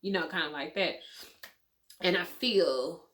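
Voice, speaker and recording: Woman, young adult, casual storytime, candid, emotional, swears, low-pitched, bright and forceful. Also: a little slow. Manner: emotional, candid, swears freely, addresses viewers as y'all. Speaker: vlogger telling her birth story.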